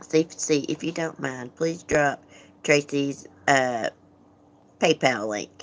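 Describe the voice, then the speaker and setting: A woman's voice: extremely low pitch, takes it slowly. A woman hosting a casual livestream, chatting frankly, laughing often and greeting viewers as she reads comments. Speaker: livestream host.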